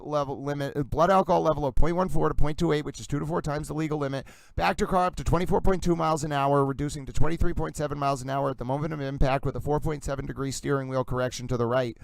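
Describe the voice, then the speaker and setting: A man hosting a live commentary stream on a trial, excitable and given to repeated exclamations, speaking close to the mic. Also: fairly high pitch, vocal fry, no room sound, rough recording. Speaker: livestream host.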